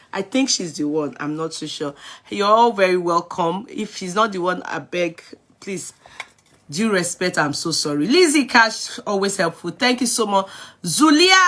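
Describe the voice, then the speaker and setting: A woman's voice: on the low side, a bit bright. A middle-aged Nigerian woman hosting a live stream, greeting viewers by name in a chatty way and slipping into Yoruba phrases. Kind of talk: casual live-stream chat.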